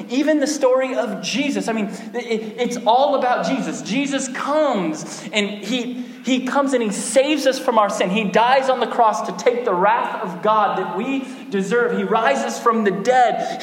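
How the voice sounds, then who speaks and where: High-voiced preacher in an echoey hall. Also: male voice. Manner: animated preaching, stumbling restarts, bursts of emphasis. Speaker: pastor. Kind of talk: sermon. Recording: echoey hall with long reverb.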